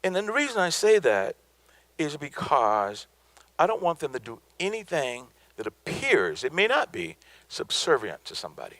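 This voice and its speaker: A man's voice: on the high side, wildly swooping pitch, moderate pace, fairly bright tone, no room sound. A middle-aged man from the American South giving a motivational business talk, emphatic and preacherly, repeating his points for effect. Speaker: business speaker.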